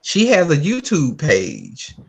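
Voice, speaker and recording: A man's voice: on the high side, creaky, husky. A man speaking as a guest on an online panel, in an emphatic, insistent way. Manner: slow, emphatic, lively intonation. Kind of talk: casual panel talk.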